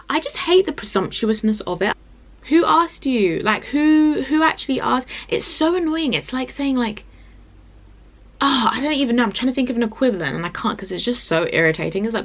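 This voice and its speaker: A young woman vlogging casually and retelling an annoying encounter with lively exasperation. She keeps repeating her phrases for emphasis. Her mid-pitched voice has a gravelly fry. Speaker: playwright vlogger. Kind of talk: casual vlog storytelling. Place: hotel room.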